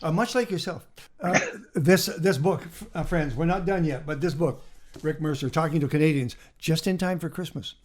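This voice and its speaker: A man hosting an interview, chatting casually and interjecting with quick agreement. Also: fairly high pitch. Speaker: interview host.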